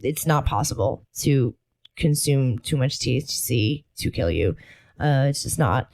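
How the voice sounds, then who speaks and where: A woman's voice: extremely low pitch, animated, unhurried, creaky, darkish tone. A woman co-hosting a casual talk show, chatty, laughing often, with many fillers. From Italian heritage. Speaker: podcast co-host. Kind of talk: casual chat.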